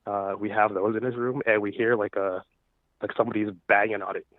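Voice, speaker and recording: A man phones in to share an eerie experience at home, stumbling over his words with plenty of fillers. His voice sits low and comes through a thin, phone-like line. The sound is dry, with no room around it. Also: fairly even intonation, no room sound. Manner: halting, nervous storytelling with many fillers. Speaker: caller. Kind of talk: phone-in ghost story.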